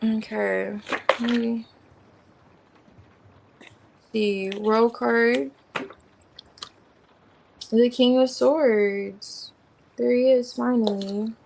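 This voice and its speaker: A woman talks through a tarot spread in a loose, chatty way, naming cards as she turns them and musing out loud. Her voice has a gravelly fry, and her speech stays informal and slangy. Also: a little high, steady tone, very slow, pauses often, slight background noise, poor audio. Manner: rambling, thinking aloud while naming cards. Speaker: tarot reader. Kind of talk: casual tarot reading.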